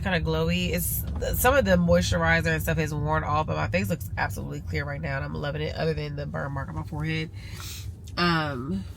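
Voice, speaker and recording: A woman's voice: sits low, gravelly. Stuffy-nosed woman vlogging from her car. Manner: chatty, addresses viewers as y'all. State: stuffy nose. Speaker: vlogger and realtor. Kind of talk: casual vlog chat. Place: in a car in traffic. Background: vehicle noise.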